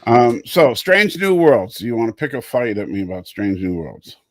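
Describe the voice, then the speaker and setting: A man's voice: mid-range voice, big pitch swings, moderate pace, no echo, studio quality. A man hosting a casual livestream chat, rambling, repeating words and reading out viewer comments. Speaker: show host.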